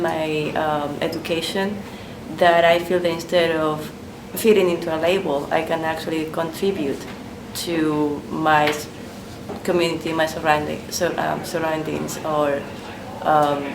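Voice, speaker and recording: Woman, Spanish accent, hesitant and thoughtful, somewhat low voice, echoey recording. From Spain. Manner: hesitant, thoughtful, many ums. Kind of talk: interview answers. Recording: echoey room with clear background noise.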